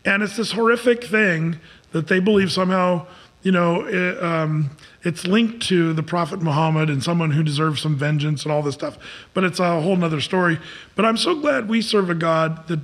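Guy preaching a casual sermon, kinda high voice, lots of ums, gets dramatic telling stories. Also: normal speed. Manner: animated, many fillers and restarts, dramatic storytelling. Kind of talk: conversational sermon.

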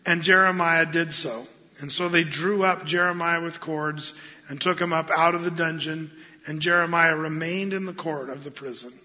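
Animated male pastor in a reverberant hall. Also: on the high side, moderate pace. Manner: animated, acts out quotes in voices. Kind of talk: sermon. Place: church sanctuary. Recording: dull lo-fi sound with long hall reverb.

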